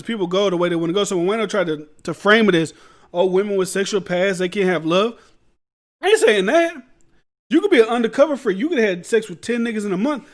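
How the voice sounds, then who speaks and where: High voiced guy, talks fast, blunt slangy podcast rant. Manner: blunt, rambling, slangy street talk. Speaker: podcast host. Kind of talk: casual commentary.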